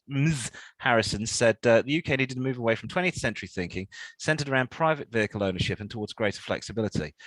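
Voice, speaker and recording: Male co-host, sardonic news banter, animated swings in pitch, dry close recording. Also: dry recording, poor audio. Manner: sardonic, laughing, reads news items aloud with mocking asides. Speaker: podcast co-host. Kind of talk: casual banter reading news.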